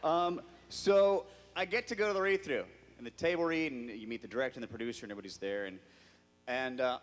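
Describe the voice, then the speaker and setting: A man's voice: medium pitch, fast, in a large hall. A man, a guest actor on a convention stage, telling a comic anecdote to a live audience and acting out the quotes in whiny voices.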